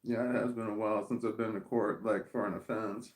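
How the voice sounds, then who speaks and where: Reading live chat aloud on his stream, an American man talks fairly quickly in a lowish, level voice. The casual chat rambles, with swearing and plenty of restarted sentences, and the sound is roomy.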